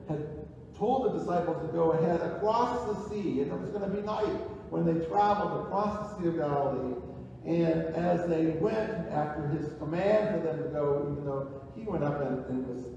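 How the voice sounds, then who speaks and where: A male pastor preaching a sermon in a church, talking in a conversational way with restarts and dropping low and quiet on key phrases. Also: normal speed, gravelly, a little hiss or hum. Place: church sanctuary. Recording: echoey church hall, distant mic, dull and lo-fi.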